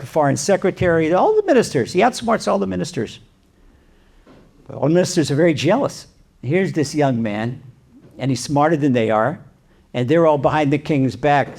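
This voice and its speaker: A male rabbi delivering a sermon and telling a parable. His voice is gravelly and somewhat high. He asks rhetorical questions and talks animatedly. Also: a little mellow. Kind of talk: sermon with storytelling.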